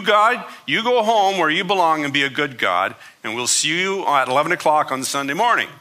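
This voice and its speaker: Casting: man doing a wry, folksy older Southern preacher, Southern US accent, forceful bright tone. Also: a little high. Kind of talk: sermon reading.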